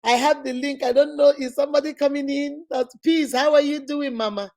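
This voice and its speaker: Animated Nigerian woman telling stories. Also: high voice, fairly quick. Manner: animated storytelling, laughing, rhetorical questions. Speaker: host. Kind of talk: casual vlog monologue.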